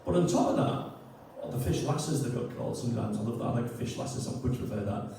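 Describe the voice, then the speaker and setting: A man's voice: medium pitch, lively intonation, quick pace, dark tone, a little hiss or hum. A man telling a local story before a poem, chatty and hesitant, stumbling over words and making fun of himself. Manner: chatty, hesitant, self-deprecating, chuckles often. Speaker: poet and storyteller introducing a tune. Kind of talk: rambling spoken introduction. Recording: echoey room, mic far off.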